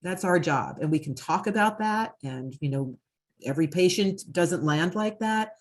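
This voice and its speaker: A woman's voice: on the low side, expressive, normal speed. A woman who works in hospice, earnestly telling a story in a conversation, with many fillers. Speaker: hospice worker and host of conversation.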